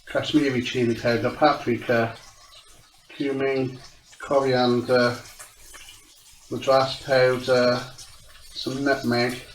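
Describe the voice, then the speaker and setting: A young man with a mid-range voice chats casually while cooking at home, walking through each step of his recipe in a flat, slow delivery with frequent pauses. It's a relaxed cooking tutorial from a home cook, recorded from a distance in an echoey, noisy kitchen.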